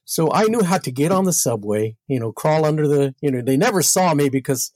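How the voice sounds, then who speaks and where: A man from Brooklyn, New York, with a slightly raised pitch and a dry, close sound. He tells rambling stories in a casual way, full of fillers and easy laughter. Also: animated, fairly quick, darkish tone, no room sound. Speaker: podcast guest. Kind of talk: casual storytelling.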